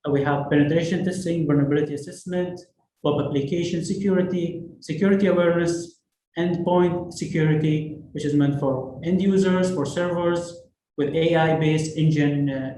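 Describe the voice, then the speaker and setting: A man presents at a conference, reading off services one after another with many fillers. His voice sits a bit high with a mellow, dark tone. The sound is roomy, with faint noise behind. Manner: list-like, with frequent fillers. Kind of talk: business presentation. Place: conference hall. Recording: echoey room, faint noise.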